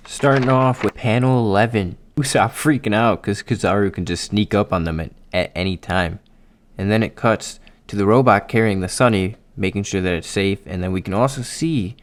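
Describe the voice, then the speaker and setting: Hyped, foul-mouthed man reading manga. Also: fairly low pitch. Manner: excitable, swears a lot, talks straight to viewers. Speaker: anime and manga YouTuber. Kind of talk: casual manga chapter readthrough.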